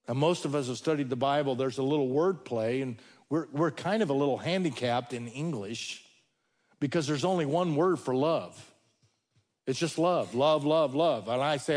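A male preacher delivering a sermon, telling stories with folksy humor and dramatic pauses. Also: mid-range voice, darkish tone.

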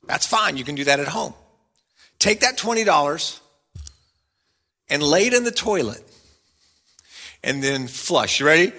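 A middle-aged pastor preaching to his congregation in a high, bright voice. He is animated, moving from loud, playful bursts to quiet, earnest points. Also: a little slow, long pauses. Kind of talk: sermon.

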